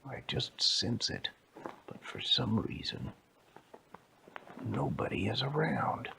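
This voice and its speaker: Gruff hungry wolf, voiced by a man, whispered role-play, hissy take. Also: mid-range voice, very animated, slow pace, full character voice. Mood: puzzled. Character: hungry grumbling male fairy-tale wolf. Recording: clear background hiss.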